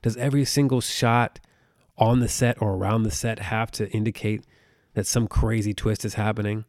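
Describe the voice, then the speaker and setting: A man's voice: lowish voice, flat delivery, normal speed, darkish tone, no room sound, studio quality. A man in his thirties from the United States hosting a podcast, ranting casually in a profane, rambling, exasperated way. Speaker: podcast host.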